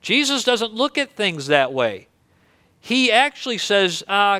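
A man's voice: sits high, sing-song, a little slow, sharp tone, clean tone, no echo. A man preaching a sermon in a conversational, earnest way, reading scripture and explaining it. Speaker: pastor.

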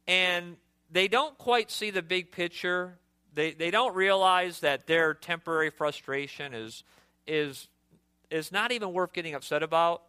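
A man preaching a sermon as pastor. He speaks emphatically, jumps in pitch suddenly and often stumbles over repeated words. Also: measured pace, sharp tone, smooth, dry recording.

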